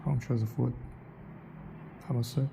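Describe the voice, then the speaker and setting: A man's voice: mid-range voice, fairly even intonation, unhurried, gravelly, noisy background. A man rambling in a solo vlog monologue, asking himself questions and correcting his own word choices. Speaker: vlogger.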